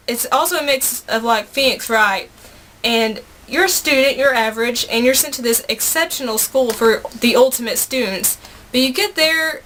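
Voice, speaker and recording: Young woman, Southern US accent, fairly high voice, chatty vlog, gushing, faint hiss. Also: fairly bright tone. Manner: gushing, chatty, quick self-corrections. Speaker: vlogger. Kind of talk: casual monthly favorites vlog.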